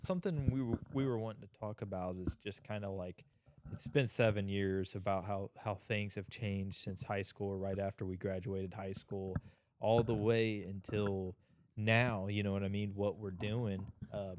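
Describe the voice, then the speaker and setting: Laid-back young podcast host. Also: male voice, fairly low pitch, background noise. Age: 20s. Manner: relaxed, laid-back, asks questions. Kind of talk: casual chat.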